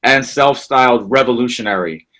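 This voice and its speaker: Bright-voiced man hosting over a call. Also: mid-range voice, moderate pace. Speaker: show host. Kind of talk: casual introduction.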